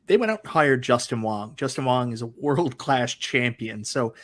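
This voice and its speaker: A man talking on a podcast, explaining his view in a calm, measured way. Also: mid-range voice. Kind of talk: casual podcast chat.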